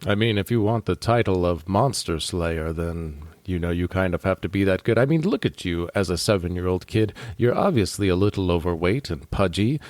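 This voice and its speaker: A man playing a tabletop game, speaking in character in a deadpan, teasing way. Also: low voice, normal speed, hardly any pauses, dry recording. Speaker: player.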